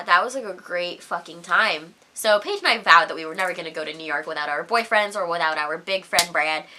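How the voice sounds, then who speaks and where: A young woman vlogger telling a storytime rant, animated and profane, with lots of "like". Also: fairly low pitch, a little hiss or hum.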